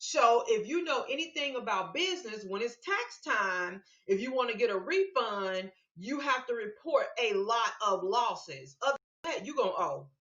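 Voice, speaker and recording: A woman's voice: on the high side, expressive, moderate pace, few pauses, a bit bright. A woman giving casual political commentary in a vlog, emphatic and repeating words for stress. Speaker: vlogger. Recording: echoey room, dull lo-fi sound.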